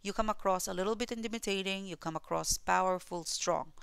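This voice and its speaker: A woman's voice: medium pitch, a little fast, vocal fry, fairly bright tone, clear, resonant tone, no room sound. A woman with a mixed Filipino and New Zealand accent, giving a tarot reading to viewers in a repetitive, reassuring way. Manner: repetitive and reassuring, often adding "okay?". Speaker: tarot reader.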